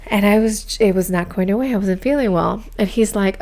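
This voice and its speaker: A woman from Miami hosting a podcast, telling a personal story in a chatty, animated, self-mocking way. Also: medium pitch, moderate pace, hardly any pauses. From United States, grew up in Miami. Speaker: podcast host. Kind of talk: casual storytelling monologue.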